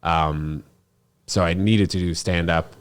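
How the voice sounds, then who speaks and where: A young man with a very low, deep voice chats casually on a podcast. He rambles through stories, leans on fillers like "like" and "um", and jumps up into exaggerated voices when quoting people. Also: fairly even intonation, slow pace, smooth. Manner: rambling, filler-heavy storytelling with voiced-up quotes. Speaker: podcast host.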